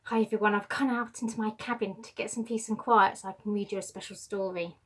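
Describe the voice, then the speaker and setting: A woman telling a Bible story to children, reading a picture book aloud in a gentle, soft way from a garden cabin. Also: medium pitch, steady tone, fast talker. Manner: gentle, softening to near-whisper.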